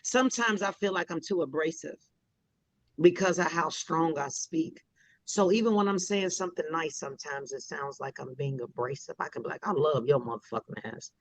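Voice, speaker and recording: A woman's voice: deep voice, normal speed. A woman hosting a casual, candid chat, blunt and emphatic with plenty of profanity. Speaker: host. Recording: muffled dry sound.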